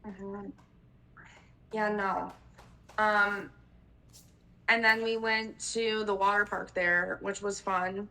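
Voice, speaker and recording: A woman's voice: medium pitch, little pitch movement, takes it slowly, long pauses, pushed and bright, rough recording. A woman in her twenties co-hosting a podcast, telling stories in a casual, rambling way, full of "like" and casual swearing. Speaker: podcast co-host. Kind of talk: casual chat.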